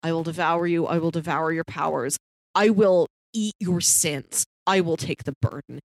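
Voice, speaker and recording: Woman reading as a steady, empathetic male hero, firm but kind. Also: low-pitched, moderate pace, no room sound.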